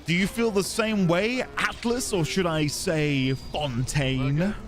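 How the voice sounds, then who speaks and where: A man casually commenting while playing a game, chatty and quick to laugh. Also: high-pitched, over music. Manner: chatty, giggly, animated. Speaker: game streamer. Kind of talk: let's play commentary.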